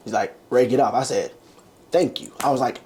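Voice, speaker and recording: A young American man, a former college basketball player, tells a long story casually as an interview guest. His mid-range voice runs a little fast with a darkish tone, and he acts out quotes with big jumps in pitch.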